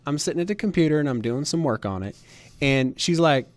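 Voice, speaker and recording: A man with a Southern US accent co-hosting a casual talk show, telling stories in an animated way. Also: on the high side, brisk, dry recording. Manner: animated storytelling, lively acting out of quotes. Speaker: co-host. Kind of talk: casual banter.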